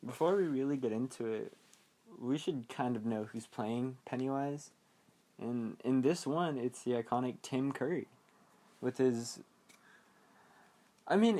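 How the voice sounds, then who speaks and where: A man with a warm, medium-pitched voice hosts a casual podcast, recapping a film in a rambling fashion. He laughs often and briefly acts out scenes using silly voices.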